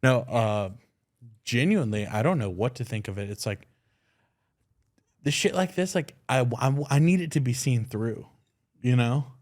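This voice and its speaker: A young man co-hosting a podcast, telling stories in a loose, excitable way and swearing casually. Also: medium pitch, normal speed, pauses often. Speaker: podcast co-host. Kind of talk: casual chat.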